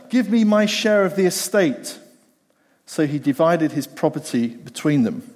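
A man preaching a sermon, animated and acting out the voices of the people in the story. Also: a little high. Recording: long hall reverb.

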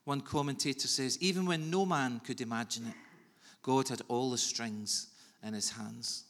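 A man preaching a sermon in an earnest, measured way with soft pauses. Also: medium pitch. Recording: long reverb of a large hall.

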